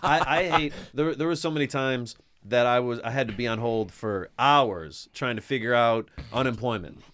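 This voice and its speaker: A man's voice: medium pitch, normal speed, a bit bright, clear, resonant tone. A man, a comedian guest on a podcast, rambling through profane complaints in casual chat.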